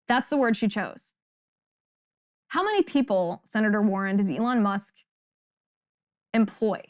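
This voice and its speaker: A woman with a somewhat high, slightly mellow voice hosts a political commentary show, giving an emphatic, sarcastic opinion monologue packed with rhetorical questions. The studio-quality recording has no room sound.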